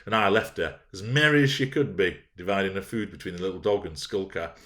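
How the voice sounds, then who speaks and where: A man narrating a classic novel in a measured, expressive storytelling manner. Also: sits low. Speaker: audiobook narrator. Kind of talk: dramatic novel reading.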